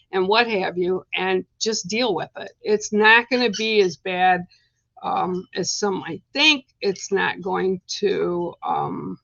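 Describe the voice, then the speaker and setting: A woman in a casual live card reading, speaking slowly with frequent pauses and restarts. Her voice is mid-pitched and sits close to the mic. The sound is a little muffled and dry, with no room echo. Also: creaky, fairly bright tone. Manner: unhurried, hesitant, with fillers and restarts. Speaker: card reader.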